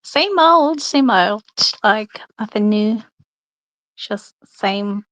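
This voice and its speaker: A woman with a Filipino accent, a guest chatting casually in a soft, unhurried way. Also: mid-range voice, animated, dry recording, lo-fi sound. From Philippines. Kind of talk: casual chat.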